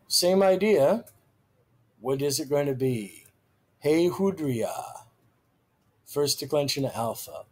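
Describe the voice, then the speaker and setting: Husky man giving a slow grammar lecture. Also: medium pitch. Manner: slow, deliberate, stresses key terms. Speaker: teacher.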